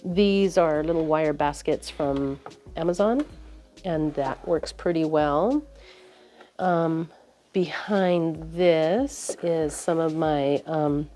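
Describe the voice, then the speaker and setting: A woman's voice: low-pitched, takes it slowly, warm tone. A woman giving a casual, rambling desk tour, a little out of breath, talking with lots of fillers and restarts. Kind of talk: casual chat.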